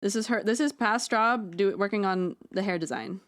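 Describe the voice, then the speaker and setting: A woman's voice: medium pitch, moderate pace, fairly bright tone. A woman streaming live from home on a close mic, chatting while she draws, rambling, joking at her own expense and swearing freely. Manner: rambling, self-deprecating, swears freely, jokey asides. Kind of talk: casual live-stream chat while drawing.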